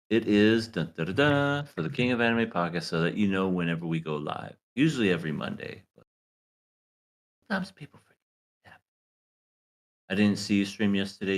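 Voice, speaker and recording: A man co-hosting an anime podcast, joking and rambling in casual chat and laughing often. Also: lowish voice. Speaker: podcast co-host.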